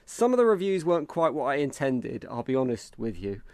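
A man's voice: mid-range voice, sing-song, fairly quick, darkish tone, no echo. A chatty English man hosts a casual football podcast. He reads out listener reviews and runs the show. His voice sounds dry and close to the mic. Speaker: podcast host.

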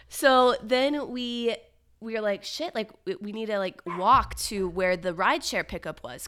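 A young woman, telling a rambling story in casual chat, a little nasal this morning. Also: medium pitch. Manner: animated, rambling storyteller with lots of "like". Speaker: podcast co-host.

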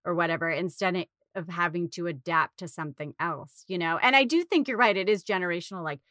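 A woman's voice: fairly low pitch, fairly quick, pushed and bright, no room sound, clean studio sound. A woman from Boston co-hosting a podcast, talking casually with lots of fillers and restarts. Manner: rambling, many fillers and restarts. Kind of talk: casual chat.

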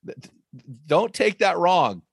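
A man, an author and guest, teaching on faith and marriage in an emphatic, preacherly way with quick asides. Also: sits high, very animated, gravelly, breathy edge, dry recording, studio quality.

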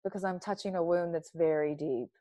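A woman's voice: fairly low pitch, fairly even intonation, a little fast, warm tone, dry recording. A woman guest speaking earnestly and emotionally in an interview, often repeating words as she starts a thought. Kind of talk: heartfelt interview talk.

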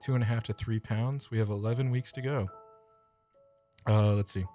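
A man co-hosting a casual podcast, throwing in wry, deadpan jokes. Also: fairly low pitch, moderate pace, faint music behind. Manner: wry, joking deadpan asides. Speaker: podcast co-host.

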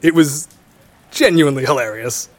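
A young man being interviewed, relaxed and wry, laughing easily. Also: on the high side, moderate pace. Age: young adult. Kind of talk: conversational interview.

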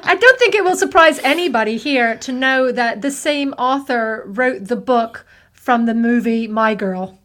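A woman with a slightly high voice hosts a podcast. She chats casually and playfully, and she laughs easily. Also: lively intonation, a little slow, few pauses, a bit bright. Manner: giggly, playful. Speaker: podcast host. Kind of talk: casual chat.

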